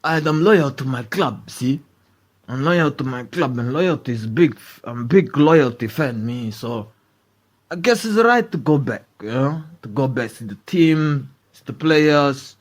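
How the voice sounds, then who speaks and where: A man putting on a star footballer's voice, speaking slow, broken phrases about loyalty. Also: mid-range voice, lively intonation, voice pushed down. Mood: smug. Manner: drawling, broken speech. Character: low, slow, self-assured male star footballer.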